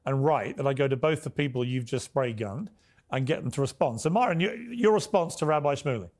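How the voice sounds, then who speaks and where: A middle-aged man hosting a debate, briskly handing out turns and calling for order. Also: mid-range voice, animated, a little mellow. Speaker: host, moderator. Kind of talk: moderating a debate.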